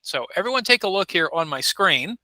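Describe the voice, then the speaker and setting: Male ESL teacher, clear and patient, bright voice, on a video call. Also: high-pitched, sing-song, fairly quick, no room sound, poor audio. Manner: clear, patient, modeling pronunciation. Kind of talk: online class teaching.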